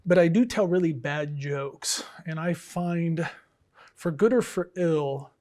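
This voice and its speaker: In a college setting, a middle-aged English professor and department chair tells jokes to the camera in a dry, easygoing, unbothered way. His voice is somewhat high-pitched and his pace slow, and he chats like a relaxed professor, often dropping ums and uhs.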